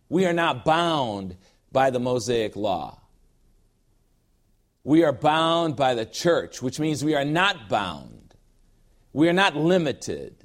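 A man preaching a sermon as pastor, emphatic, dropping low and slow to read scripture.

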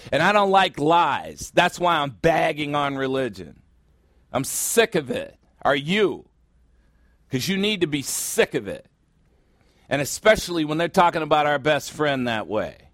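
A man's voice: on the high side, big pitch swings, a little slow, a bit bright, no room sound. Blunt, sarcastic preacher man, dry sound. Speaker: pastor. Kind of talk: sermon.

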